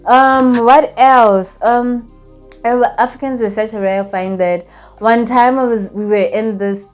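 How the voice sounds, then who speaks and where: A woman's voice: on the high side, a little slow, faint music behind. Chatty young woman from Botswana. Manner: chatty, animated storytelling with many fillers. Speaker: vlogger. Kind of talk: casual travel recap vlog.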